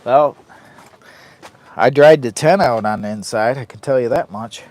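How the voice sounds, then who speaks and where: A man's voice: medium pitch, measured pace, darkish tone. A man chats loosely to his viewers from inside a heated tent on a rainy camping trip. He sweats in the heat and rambles from one thought to the next. Now and then he turns to his dog in a doting, sing-song tone. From Michigan. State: hot and sweating. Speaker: outdoor vlogger and live streamer. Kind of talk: casual live-stream chat.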